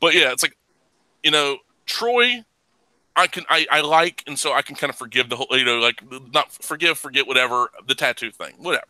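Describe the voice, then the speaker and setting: A man with a very bright, sharp voice pitched a little high, ranting and swearing freely as he hosts a casual podcast. The sound is close and dry, with almost no room around it. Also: fairly quick, no room sound, poor audio. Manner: ranting, profane, laughs loudly. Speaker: podcast host. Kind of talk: casual profane chat.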